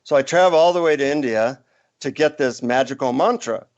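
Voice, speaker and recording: A man speaking as a podcast guest, mid-pitched and conversational, slipping into animated quoted voices as he tells a story. The audio is a little dull and lo-fi. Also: brisk. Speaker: author guest.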